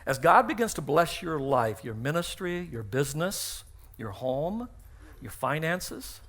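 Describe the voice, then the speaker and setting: A middle-aged male pastor preaches a sermon in his church sanctuary through a stage microphone. His voice sits high for a man, with a bright, ringing edge. He acts out the dialogue in his stories and hammers home key phrases by repeating them. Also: big pitch swings, a little slow. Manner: storytelling with acted-out dialogue.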